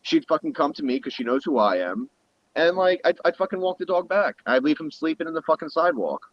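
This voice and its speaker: A man's voice: fairly high pitch, lively intonation, a little fast, a little hiss or hum. A man telling a heated, profane story in casual chat, acting out the people in it as he goes. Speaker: guest streamer. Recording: muffled lo-fi audio.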